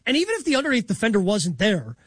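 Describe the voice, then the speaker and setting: A male sports radio host with a high-pitched voice talks through plays briskly and conversationally. The studio sound is dry and close. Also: wildly swooping pitch, fairly bright tone, slightly rough, no echo. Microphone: studio microphone.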